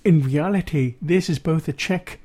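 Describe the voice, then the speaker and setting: A man's voice: a little high, normal speed, mellow, slightly rough. Earnest man reading Scripture. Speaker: radio presenter and preacher. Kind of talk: Bible reading and sermon.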